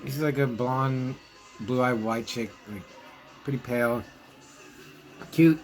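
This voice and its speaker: Over soft background music, a man speaks slowly in a mid-range voice, and the recording is rough. As a zine editor reviewing movies, he rambles casually and hesitantly through a vlog monologue, with fillers and restarts, reading letters from fans.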